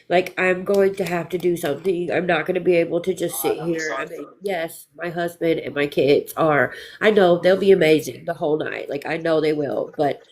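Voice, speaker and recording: Brief: woman streamer, gravelly lowish voice, teary but defiant. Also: darkish tone. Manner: emotional, fighting back tears, defiant. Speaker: livestream host. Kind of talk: emotional live chat.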